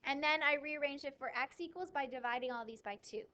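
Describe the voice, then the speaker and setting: A woman teaching a math class, lively, asking questions and answering them herself, with a touch of dry sarcasm. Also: sits high, fast talker, lo-fi sound. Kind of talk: classroom lecture.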